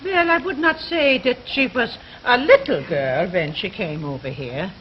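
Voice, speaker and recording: An actress playing a gentle middle-aged Norwegian immigrant mother, with a Norwegian accent and measured phrasing. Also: a little high, close to an everyday voice. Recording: muffled, hissy 1950s television recording.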